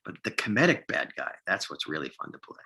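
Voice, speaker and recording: A man in his sixties from upstate New York, an actor telling lively stories from his career in a casual interview, acting out the lines of people he quotes. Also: low voice, quick pace, slightly rough. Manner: animated storyteller, acts out quoted lines, many restarts. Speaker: actor guest.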